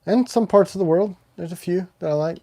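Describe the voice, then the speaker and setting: A man's voice: high voice, fairly quick, warm tone. A middle-aged man from Michigan's Upper Peninsula who hosts a livestream about his knives. He chats casually, rambles and laughs often. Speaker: knife maker hosting a livestream. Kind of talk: casual chat.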